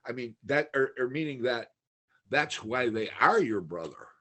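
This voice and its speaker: A husky, slightly breathy middle-aged man chatting on a podcast. He rambles through stories, laughs as he goes and slips into the voices of the people he quotes. His pitch sits in an ordinary male middle range. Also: lively intonation, normal speed, fairly bright tone. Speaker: podcast guest. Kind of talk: casual storytelling chat.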